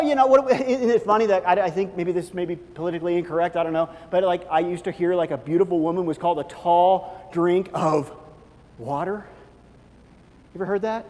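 A man preaching a sermon as pastor, animated and swinging from hushed to loud. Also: high voice, a little fast. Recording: long reverb of a large hall.

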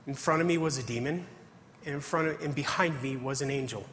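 A man's voice: mid-range voice, fairly quick, a bit bright, slight background noise. A man preaching a testimony sermon, telling his story earnestly and reading scripture aloud. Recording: hall reverb.

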